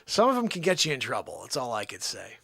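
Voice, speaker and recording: A man's voice: medium pitch, huge pitch swings, fast, creaky, bright, forceful tone, no echo. A man hosting a casual livestream, playfully chatting and trying out silly voices. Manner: playful, laughing, improvising voices. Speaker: livestream host.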